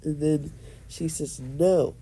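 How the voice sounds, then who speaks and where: A young man narrates a made-up fan story at a slow, unhurried pace, rambling through ums and restarts. His voice is mellow and dark in tone, sitting a bit high for a man. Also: steady tone. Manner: rambling, many fillers and restarts, laughs at own jokes.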